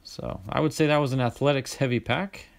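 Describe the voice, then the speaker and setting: A card-collecting channel host opens cards with casual, chatty commentary, reading names aloud and breaking into bursts of excitement. His medium-pitched voice is brisk and has some vocal fry.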